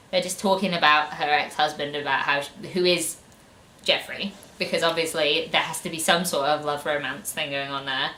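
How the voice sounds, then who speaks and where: A woman's voice: deep voice, pushed and bright, a little hiss or hum. A woman ranting sarcastically about a book in a casual review, full of fillers. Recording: echoey room.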